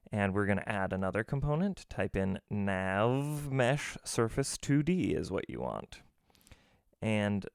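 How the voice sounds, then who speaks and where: A man's voice: on the low side, clear, resonant tone, no echo, studio quality. A man hosting a casual, jokey screen-recorded game development tutorial, walking through each step with self-deprecating asides. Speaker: game dev tutorial host.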